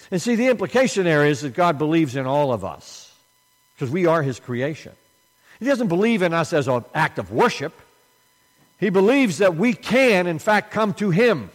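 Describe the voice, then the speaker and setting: A man preaching a sermon, rising with emphasis on key lines and dropping low and hushed when he prays. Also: long reverb tail. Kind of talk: sermon with prayer.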